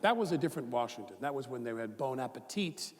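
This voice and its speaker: A man in his fifties, a guest author telling rambling, animated stories with many fillers and restarts in a live onstage conversation. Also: medium pitch, fast. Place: large event hall with a live audience. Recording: long reverb of a large hall, faint noise.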